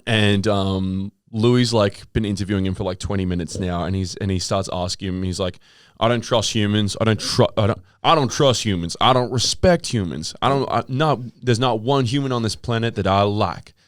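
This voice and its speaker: A man's voice: on the low side, moderate pace, few pauses, clear, resonant tone, no room sound, clean studio sound. A man co-hosting a podcast, recapping a documentary in a rambling, laid-back way. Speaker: podcast co-host. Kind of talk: casual chat.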